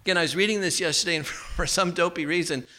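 A man's voice: sits high, steady tone, fast talker, pushed and bright. A man preaching a sermon in a conversational way, with casual asides and tag questions. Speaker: pastor.

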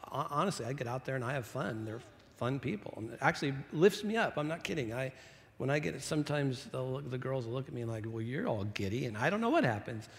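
A middle-aged male pastor gives a sermon in a loose, conversational manner, breaking off into restarts and friendly asides. His voice sits at an ordinary middle pitch for a man, and it carries a long reverb from a church sanctuary. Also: animated, fast talker.

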